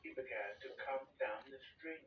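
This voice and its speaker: A man reads a children's story aloud in a lively, expressive way. His voice sounds distant and roomy, with dull, muffled highs and a constant hiss. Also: moderate pace. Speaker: reader.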